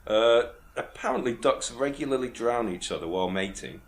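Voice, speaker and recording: A man's voice: medium pitch, expressive, moderate pace. A man, co-hosting a comedy podcast, delivering facts in a dry, matter-of-fact way. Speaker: co-host.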